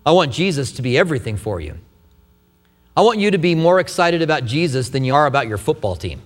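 A man delivers a sermon to a large church congregation with animated, expressive preaching. His voice sits somewhat high for a man, and long reverb from the hall trails after his words. He sometimes slips into the voices of doubters. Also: fast. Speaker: pastor.

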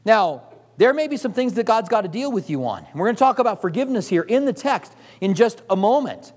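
A middle-aged male pastor preaches a sermon in a voice that sits high, with a sing-song, slightly fast delivery and a darkish tone. He tells stories, acts out the voices of the people in them, and laughs often, all under the long reverb of a large hall.

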